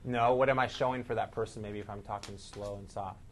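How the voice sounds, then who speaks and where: A man leading a live sales training seminar, energetic, quizzing the audience and shifting his speed and loudness for emphasis. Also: on the low side, fast, slight background noise.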